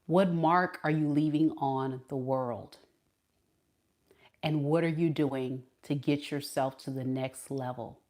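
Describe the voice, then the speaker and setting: A woman's voice: low-pitched, steady tone, slow pace, darkish tone. A woman tarot reader hosting a casual live stream. She chats playfully with her viewers, greets them, and laughs often.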